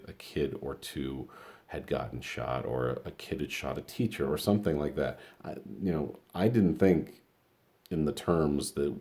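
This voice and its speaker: Very deep-voiced, dark-toned man rambling. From Colorado, USA. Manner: rambling, filler-heavy, blunt and profane. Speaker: vlog host. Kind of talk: casual storytelling monologue.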